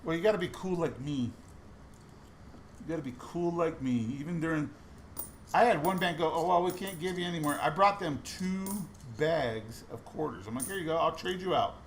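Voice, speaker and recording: Male vlogger, raised pitch, gravel in the voice, rambling storyteller, faint hiss behind. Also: moderate pace. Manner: chatty storytelling with many restarts. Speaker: coin roll hunting vlogger. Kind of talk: casual chat while searching coins.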